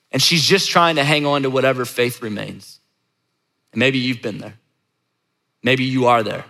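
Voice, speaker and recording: Bright-voiced man preaching in a hall. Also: medium pitch. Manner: conversational, emphatic repetition. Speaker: pastor. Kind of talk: sermon. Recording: echoey hall reverb.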